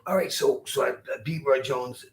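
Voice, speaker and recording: A man in his sixties, a former boxer, telling stories as an interview guest in a halting, rueful way, often repeating his words. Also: mid-range voice, creaky, far from the mic. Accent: Rhode Island. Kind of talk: storytelling interview.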